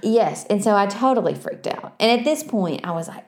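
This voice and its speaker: A woman chatting casually and telling her story in an expressive way. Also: mid-range voice, moderate pace, few pauses. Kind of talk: casual chat.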